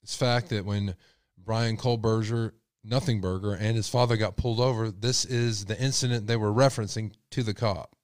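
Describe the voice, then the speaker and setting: A low-pitched man hosts a true-crime podcast with a sarcastic, restless edge. He talks straight to his listeners, jumping from point to point. The sound is dry and close, with no room around him. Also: steady tone, moderate pace, no room sound. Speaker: podcast host. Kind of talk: casual true-crime commentary.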